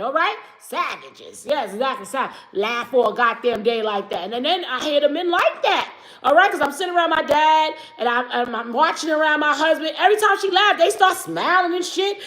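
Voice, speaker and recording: A woman's voice: high voice, fairly bright tone. A woman in her forties hosting a live stream, talking brashly and profanely, laughing often and mimicking others. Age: 40s. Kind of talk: casual live-stream commentary.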